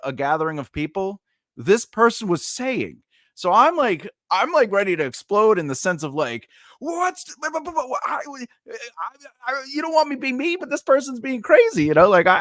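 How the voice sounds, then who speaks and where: A man's voice: a little high, no echo, clean studio sound. A man chatting on a live stream, telling a self-mocking story and acting out the people in it. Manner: animated, self-mocking, acts out quoted people. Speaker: regular co-host. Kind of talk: casual storytelling chat.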